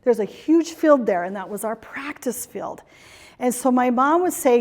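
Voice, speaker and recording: A woman's voice: fairly high pitch, animated, normal speed, darkish tone. A woman corporate trainer giving a live workshop talk, telling stories and asking the audience questions. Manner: storytelling, chatty, asks the audience questions. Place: conference room or hall. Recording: speech in a hall with long reverb.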